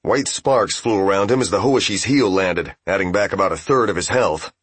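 A man narrating a fantasy game novel as an audiobook, in steady, even storytelling. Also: low voice, normal speed, slightly rough, no echo.

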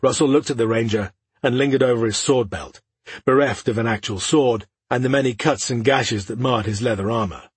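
A male audiobook narrator with a very husky, breathy voice at a middle pitch. He reads fantasy prose in a steady, measured way, and the recording is dry and close. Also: no echo.

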